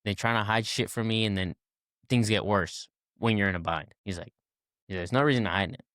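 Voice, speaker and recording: A man's voice: fairly low pitch, a little fast, a bit bright, clean tone, no echo, studio quality. A man in his twenties, a podcast guest, telling a casual story and acting out the people in it with many fillers and restarts.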